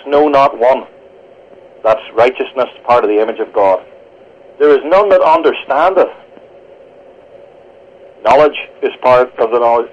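A man, a pastor, answering on a radio show with earnest, halting restarts while quoting scripture. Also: medium pitch, highs cut off. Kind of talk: radio interview, theological answer.

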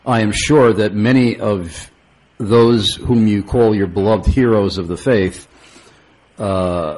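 Low-voiced radio host. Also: male voice, low-quality recording. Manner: hesitant with frequent uh fillers, chuckling asides. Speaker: radio talk show host. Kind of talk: call-in radio talk show.

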